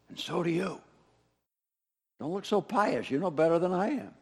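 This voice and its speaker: A man's voice: sits high, animated, moderate pace, long pauses, a little mellow, breathy edge. A man preaching a sermon as pastor, talking conversationally and directly to his congregation, often repeating phrases for emphasis. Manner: conversational, speaks straight to the congregation with repetition.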